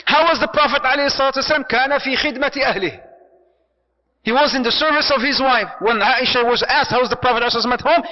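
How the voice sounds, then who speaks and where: Male preacher, animated and jokey, high voice, dull recording in an echoey hall. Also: racing. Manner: animated, jokey, mixes in Arabic phrases. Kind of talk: lecture on marriage to an audience.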